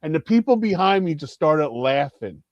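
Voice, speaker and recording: A man on a livestream chat, telling animated stories and swearing freely, voicing the people he quotes. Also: on the high side, moderate pace, dry recording, muffled recording. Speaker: co-host. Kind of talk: casual chat.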